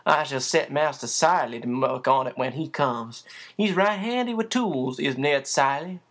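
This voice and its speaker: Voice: mid-range voice, normal speed, fairly bright tone, lightly acted. A reader voicing a large, flustered country cook who speaks in old-fashioned, homely phrases. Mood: fond.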